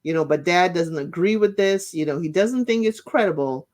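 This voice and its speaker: A woman hosting a casual recap, chatty and opinionated, often saying "you know" and acting out quotes with jumps in pitch. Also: expressive, normal speed, a little mellow. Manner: acts out quotes with shifting pitch. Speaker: recap podcast host. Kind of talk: casual reality-show recap commentary.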